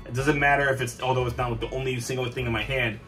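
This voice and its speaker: A man's voice: mid-range voice, level tone, fast, a bit bright. Rambling young man vlogging from a distance. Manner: rambling, with many restarts and fillers. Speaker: collector vlogger. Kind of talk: casual talk to camera. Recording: distant mic, faint background music. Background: faint music.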